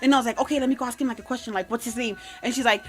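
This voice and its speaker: A woman's voice: fairly high pitch, fairly even intonation, rapid-fire, soft background music. A woman, a podcast guest telling long casual anecdotes with plenty of fillers. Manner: chatty, code-switching anecdotes with many fillers.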